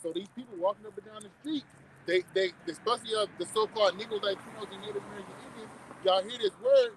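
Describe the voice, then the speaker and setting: A man's voice: high-pitched, racing, noisy background. A man preaching fervently on the street.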